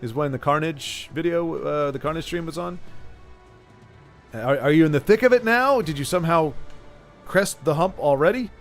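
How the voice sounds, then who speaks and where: A man's voice: fairly high pitch, normal speed, soft background music. A man hosting a game stream in casual, rambling chat with many restarts and repeats. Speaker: streamer host.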